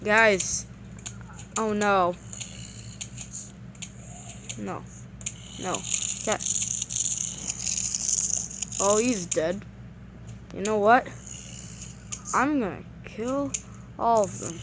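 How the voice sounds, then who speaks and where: An excitable woman chats her way through a game at an unhurried, drawn-out pace. She rambles, trips over her words and repeats herself when things go wrong, then drifts back to easy chatter. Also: mid-range voice, background noise. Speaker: gameplay commentator. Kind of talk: casual gameplay commentary.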